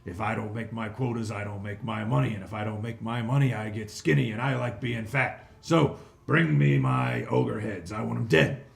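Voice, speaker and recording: A man puts on a fat hobgoblin boss in a tabletop game, greedy and blustering, who booms his demands. The voice is low and gravelly. It sits in an echoey room with a faint hiss behind it. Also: normal speed, few pauses. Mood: demanding. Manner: loud, blustering, boastful. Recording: echoey room, some noise.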